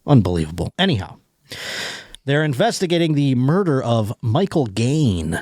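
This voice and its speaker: Lively, joking male podcast host. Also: mid-range voice, moderate pace, no echo, clean studio sound. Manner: joking, laughing, lively reading of news stories. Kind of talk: casual comedic chat.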